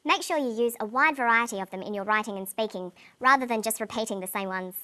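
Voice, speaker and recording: A woman presenting an English lesson in clear, deliberate scripted narration, slowing down on example words. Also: on the high side, sharp tone.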